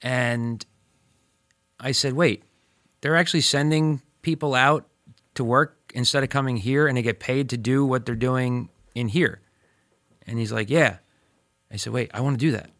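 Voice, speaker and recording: A man interviewed as a former student, telling stories with lively acted-out quotes. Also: mid-range voice, moderate pace, long pauses, no echo, studio quality. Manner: animated, acts out quoted voices. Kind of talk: storytelling interview.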